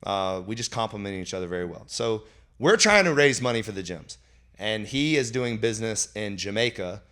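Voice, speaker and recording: A man's voice: on the low side, lively intonation, normal speed, a bit bright. A man, a company founder, telling his story casually in an interview, rambling with lots of fillers. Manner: rambling, full of "like" and "you know" fillers.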